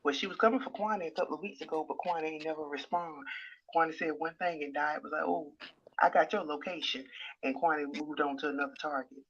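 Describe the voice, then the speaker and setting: A woman chatting casually about online drama, talking in a hushed, half-whispered voice because she is at work. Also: low-pitched, fast, slightly rough. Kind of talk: casual gossip chat. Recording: dull lo-fi sound with faint noise.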